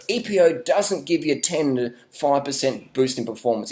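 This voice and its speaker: An Australian man vlogging a rambling, deadpan sarcastic rant, swearing now and then. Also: medium pitch, normal speed, hardly any pauses.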